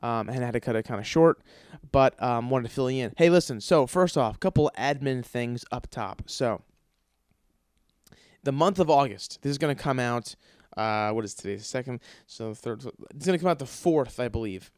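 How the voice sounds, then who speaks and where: A man's voice: mid-range voice, normal speed, a little mellow, clear, resonant tone, dry recording, studio quality. A man hosting his own podcast, ranting casually and comically with lots of swearing and rambling restarts. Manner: profane, grumbling, rambling with restarts. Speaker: podcast host. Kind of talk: casual comedic rant.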